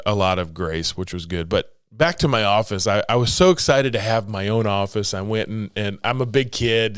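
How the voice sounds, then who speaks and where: A man's voice: on the low side, no echo, clean studio sound. A man in his forties hosting a casual solo podcast from his home office, jokey and motivational in tone. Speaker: podcast host.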